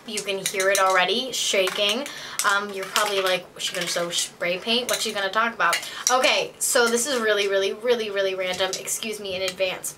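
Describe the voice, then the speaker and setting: A woman's voice: medium pitch, noisy background. A young woman telling a rambling, playful story in a casual favorites vlog, full of "like" and dramatic emphasis. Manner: chatty, rambling storyteller with lots of "like". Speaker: beauty vlogger.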